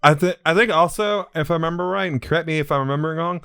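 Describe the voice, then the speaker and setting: A man co-hosting a gaming podcast, chatty and prone to hedging restarts, now and then reading news aloud. His voice sits a bit higher than most men's and sounds smooth and clear. The recording is close and dry. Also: very fast, pushed and bright, no room sound. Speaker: podcast co-host.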